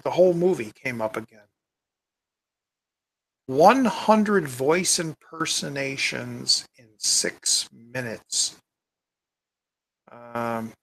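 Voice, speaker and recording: A man's voice: mid-range voice, creaky, fairly bright tone. A tired man hosting his own channel, chatting casually and reading viewer comments aloud in a rambling, muttering way. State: tired, yawning. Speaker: YouTube channel host. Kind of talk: casual live-stream chat.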